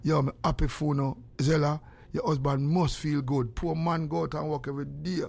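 A man's voice: fairly high pitch, normal speed, gravelly. An older man with a Jamaican accent, telling stories in a casual way, acting out the exchanges he quotes, and breaking into prayer. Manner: animated, acts out quoted exchanges.

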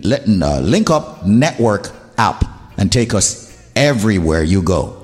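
A Jamaican man hosts a radio show, speaking emphatically and with strong opinions. His voice carries a long reverb tail, and faint music plays behind him. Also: lowish voice. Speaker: radio host. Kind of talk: casual radio talk.

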